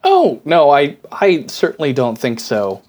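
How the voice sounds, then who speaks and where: A man's voice: fairly high pitch, huge pitch swings, a little slow, a little mellow. A man co-hosting a podcast, chatting casually and enthusiastically, rambling with lots of fillers. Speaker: podcast co-host. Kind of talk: casual chat.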